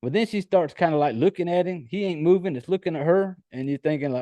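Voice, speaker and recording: A man's voice: a little high, quick pace, mellow, dry recording. Casual, profane man recapping a film. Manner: loose, profane storytelling with many fillers. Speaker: podcast host. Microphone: home computer setup.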